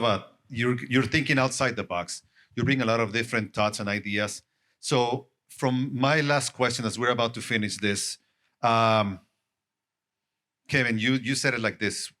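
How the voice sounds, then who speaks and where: A man moderating a panel, posing questions in a measured way. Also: mid-range voice, a bit bright. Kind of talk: panel discussion.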